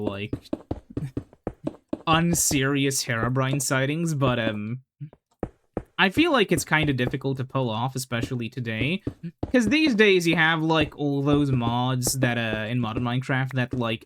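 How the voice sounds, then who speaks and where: A man's voice: mid-range voice, animated, a little slow, background noise. A man casually commenting while he plays a game, rambling with lots of fillers and the odd swear. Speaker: gaming channel host.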